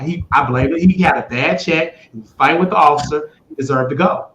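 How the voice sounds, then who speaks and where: A man hosting his own show, talking in a blunt, rambling monologue that swears freely and swings between loud bursts and mutters. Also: medium pitch, fast, hardly any pauses, a little hiss or hum. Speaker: show host. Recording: echoey room, dull lo-fi sound.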